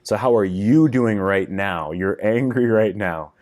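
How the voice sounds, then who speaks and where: A man's voice: on the low side, a little slow, darkish tone. A middle-aged man coaching husbands in a frank, casual video lesson, swearing freely as he explains. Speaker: relationship coach.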